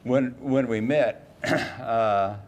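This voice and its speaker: An older man as an interview guest, telling folksy stories and acting out quoted lines in lively voices. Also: mid-range voice, extremely slow. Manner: folksy anecdotes, quoting others in lively voices. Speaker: interview guest, retired racing driver. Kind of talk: casual storytelling interview.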